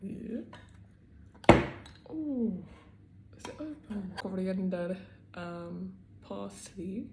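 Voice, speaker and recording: Woman, casual eating-vlog chat, slow, drawn-out, echoey room, loud cutlery clatter. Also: medium pitch, vocal fry, heavy background noise. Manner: chatty, drawn-out, bursts of excitement. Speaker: mukbang vlogger. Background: clinking dishes and cutlery.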